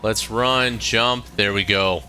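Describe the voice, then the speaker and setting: A man giving casual, relaxed commentary while he plays a video game. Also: lowish voice, soft background music. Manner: slow, relaxed, chatty. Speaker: gameplay host.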